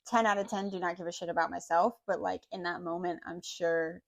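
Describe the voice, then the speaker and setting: A woman co-hosting a casual podcast, talking emphatically and swearing freely, with loud outbursts and soft asides. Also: on the low side, little pitch movement, brisk, creaky. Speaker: podcast co-host.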